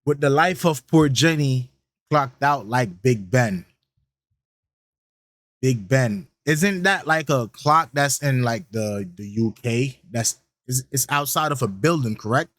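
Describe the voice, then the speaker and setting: A man's voice: medium pitch, expressive, slow pace, a bit bright, no echo. A young man hosting a reaction video, talking casually in a slangy, rambling way, repeating lines back and musing over them with many restarts. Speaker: reaction channel host.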